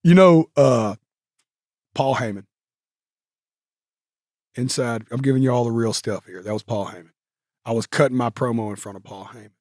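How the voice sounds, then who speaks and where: A man's voice: mid-range voice, normal speed, long pauses, a little mellow, dry recording, clean studio sound. A male guest telling stories in a casual interview, rambling with many fillers and restarts. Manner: rambling, filler-heavy, with self-corrections.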